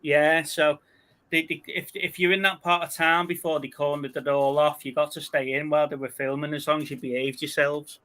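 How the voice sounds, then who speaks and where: A man co-hosting a casual chat, telling a loose, easygoing story. His voice sits a touch high for a man. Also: little pitch movement, moderate pace, a bit bright. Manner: chatty storyteller. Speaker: podcast co-host.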